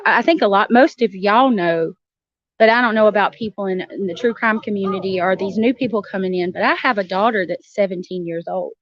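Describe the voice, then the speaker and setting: A middle-aged woman, talking earnestly and haltingly on a livestream panel from her car. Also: medium pitch, no room sound. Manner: earnest, halting, with many fillers. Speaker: juror on a panel. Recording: dull, lo-fi, dry call audio from a car.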